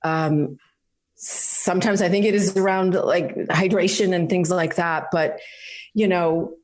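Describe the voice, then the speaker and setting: Lady caller asking her question, halting, lots of you-knows, lowish voice. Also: fairly even intonation, a little mellow. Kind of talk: casual call-in question.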